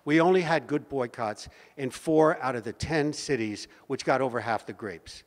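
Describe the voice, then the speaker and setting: Older male storyteller, seventies, lively delivery with pauses for effect, long reverberant hall. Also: medium pitch. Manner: animated, vivid storyteller with dramatic pauses. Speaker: speaker at a community meeting. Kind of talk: personal storytelling talk. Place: meeting hall.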